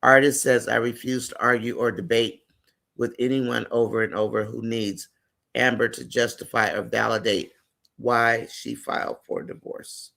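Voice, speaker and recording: A man's voice: medium pitch, steady tone, moderate pace, gravelly, bright, forceful tone. A man hosting a casual live-stream chat, reading viewer comments aloud and greeting and affirming viewers by name.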